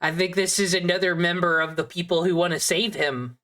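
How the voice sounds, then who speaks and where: Sarcastic low-voiced woman streamer. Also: fairly even intonation, a little fast, fairly bright tone. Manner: mocking, profane, mock-concerned. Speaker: streamer reacting to videos. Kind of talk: sarcastic commentary.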